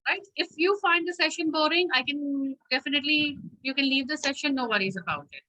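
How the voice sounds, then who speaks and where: Woman, teacher, online class, firm, instructive, high-pitched, video call audio. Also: a little fast, sharp tone, poor audio. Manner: firm, instructive, repeats checks like "okay?".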